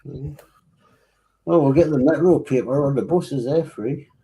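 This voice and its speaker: Bloke with a gravelly voice, chatting away while he builds a model kit, bit of hiss behind. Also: medium pitch, unhurried. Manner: relaxed, explains assembly steps as he works.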